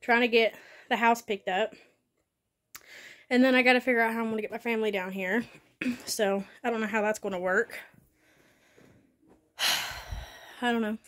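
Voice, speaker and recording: A woman chatting casually to camera at home, rambling with soft laughs, a bit out of breath. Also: a little high, steady tone, moderate pace, long pauses. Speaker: vlogger. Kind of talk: casual home vlog chat. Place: home, indoors and outdoors.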